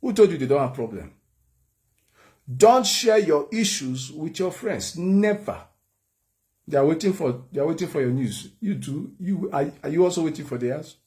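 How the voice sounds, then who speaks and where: A man's voice: fairly high pitch, lively intonation, normal speed, mellow. A Nigerian man preaching a humorous sermon, joking and laughing often. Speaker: prophet and preacher.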